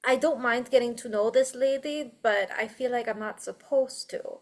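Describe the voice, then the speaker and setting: A woman's voice: a little high, moderate pace. A woman playing a tabletop game, speaking for her character in a playful, childlike way. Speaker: player. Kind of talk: casual in-character play.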